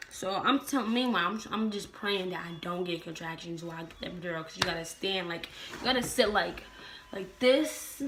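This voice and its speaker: A woman's voice: medium pitch, pushed and bright. A young woman telling her own story in a casual, blunt and profane way, acting out the people in it. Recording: distant mic with faint background noise.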